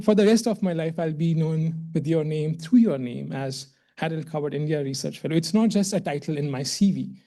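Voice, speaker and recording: Male guest lecturer, warm and effusive, slightly high voice, repeats himself. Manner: effusive and emotional, repeats words while speaking. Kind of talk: public lecture.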